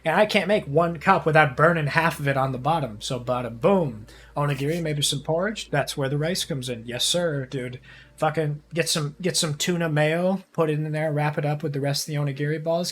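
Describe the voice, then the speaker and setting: A man's voice: fairly high pitch, normal speed, slight background noise. A young man streaming live, chatting casually in a rambling, crude way with heavy swearing.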